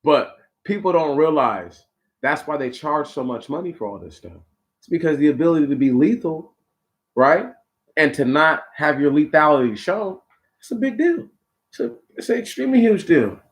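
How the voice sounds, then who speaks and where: A man's voice: on the high side, animated, normal speed. A man hosting a talk show, delivering a preachy, conversational monologue straight to his listeners with slang asides. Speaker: podcast host.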